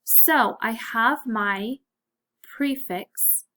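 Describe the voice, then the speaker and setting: Slow-speaking woman teaching phonics. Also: fairly high pitch, sharp tone. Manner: slow, clear, encouraging teacher talk. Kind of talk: phonics lesson for children.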